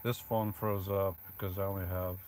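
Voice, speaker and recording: A man live-streaming from inside his van on a rainy night, talking quietly into a phone propped close to him. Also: low-pitched, level tone, normal speed, a little hiss or hum. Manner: talks quietly, keeping his voice down. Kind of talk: casual live stream chat.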